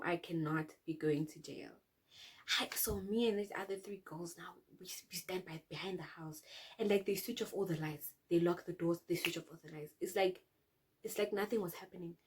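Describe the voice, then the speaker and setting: Husky South African woman telling a story. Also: mid-range voice. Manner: animated, dramatic, drops to whispers for suspense. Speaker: YouTuber. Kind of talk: storytime vlog.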